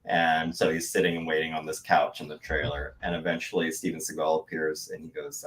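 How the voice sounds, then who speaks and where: A man from the American West, a voice actor and artist, telling rambling, animated stories in casual podcast chat. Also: rumbling low, brisk, few pauses, low-quality recording.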